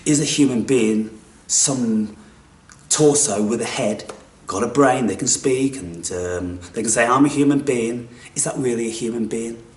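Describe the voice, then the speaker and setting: A man giving a spiritual monologue, theatrical and blunt, dropping to hushed whispers and rising to loud outbursts, and swearing casually. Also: medium pitch, unhurried. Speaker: spiritual speaker. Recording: echoey room, mic far off.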